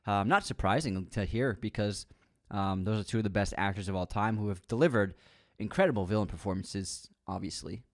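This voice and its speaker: A man's voice: on the low side, brisk. A man co-hosting a casual film-news podcast chat, joking and laughing often. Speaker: podcast co-host.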